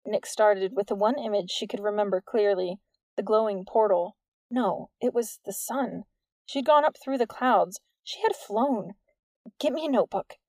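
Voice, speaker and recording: A woman giving steady, measured scripted narration of a novel into a close studio mic. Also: medium pitch, dry recording. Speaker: audiobook narrator.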